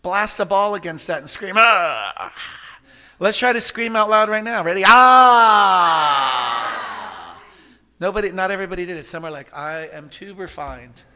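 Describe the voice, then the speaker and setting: Male church service leader, bright, a little high, animated and chatty with shouting bursts. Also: quick pace, few pauses. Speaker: practitioner leading a service. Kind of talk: sermon. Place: church sanctuary.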